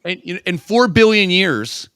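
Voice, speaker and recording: A man co-hosting a podcast in casual chat, animated and crude, rambling with lots of swearing. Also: high-pitched, normal speed, clean tone, dry recording, clean studio sound. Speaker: podcast co-host.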